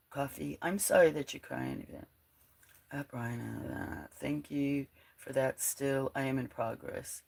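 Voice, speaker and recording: A woman with a croaky, frog-like voice hosting a casual livestream, rambling, laughing often and reading out her chat. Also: rumbling low, big pitch swings, slow pace, darkish tone. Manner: chatty, rambling, laughs often, drops to a near whisper at times. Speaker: livestream host.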